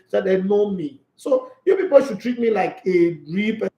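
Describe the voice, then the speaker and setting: A man's voice: high-pitched, animated, fairly quick, few pauses, echoey room, highs cut off. A man with a Nigerian accent hosting a casual sports live stream, bantering and reading viewer comments aloud. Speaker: sports channel host.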